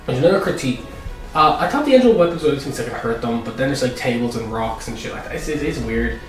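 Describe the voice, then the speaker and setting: A man giving a casual, profane video review, excitable and prone to sudden outbursts. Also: mid-range voice, quick pace. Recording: echoey room, far from mic, music behind.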